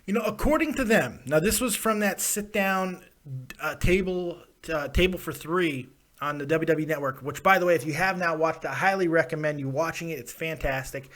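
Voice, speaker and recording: A man hosting a live call-in show, talking in a loud, blunt and profane way and laughing often. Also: fairly high pitch, moderate pace. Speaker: host of a wrestling call-in show. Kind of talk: casual live call-in chat.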